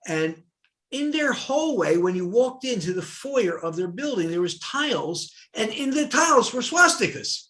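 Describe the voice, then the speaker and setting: Older guy telling stories, voice jumps all over, kinda high, acts out the quotes. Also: sing-song, moderate pace, fairly bright tone. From United States. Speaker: retired professor. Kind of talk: storytelling in a dialogue.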